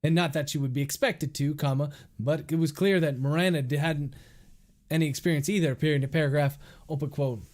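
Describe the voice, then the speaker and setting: A male author reads his novel aloud as dictation, and he names each comma, period and paragraph break. His voice sits a little high. The delivery is steady and methodical. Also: fairly quick.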